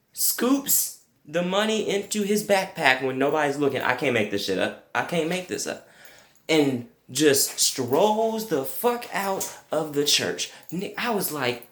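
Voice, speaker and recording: A young man telling a comic story with crude language, jumping to high yelps when quoting himself. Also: takes it slowly, roomy sound. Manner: animated, profane, jumps to high yelps for quoted reactions. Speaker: comedic storyteller.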